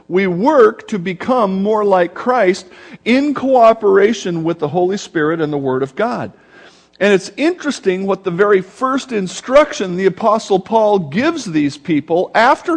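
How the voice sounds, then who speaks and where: A man with a high, light voice delivers a sermon from the pulpit. He teaches verse by verse, his pace and volume swinging between urgent and drawn-out. At times he sinks into a low, growling grumble to illustrate a word. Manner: expository preaching with sudden shifts in volume and pace. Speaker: pastor.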